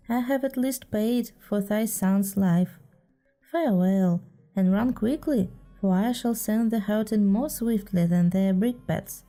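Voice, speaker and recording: A woman's voice: mid-range voice, warm tone, natural voice. A woman reading aloud voices a proud wild boy raised by wolves, speaking in a commanding, scornful way.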